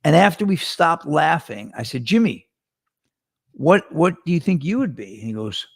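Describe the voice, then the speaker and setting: Guy host w a gravelly radio voice, rambly stories, lots of restarts. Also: fairly high pitch, moderate pace, dry recording, studio quality. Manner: rambling, animated storyteller with restarts. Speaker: talk show host. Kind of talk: casual storytelling chat.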